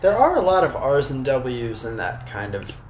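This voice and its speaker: A man's voice: medium pitch, very animated, normal speed. A man co-hosting a podcast in a casual, jokey chat, teasing his co-host with playful wordplay.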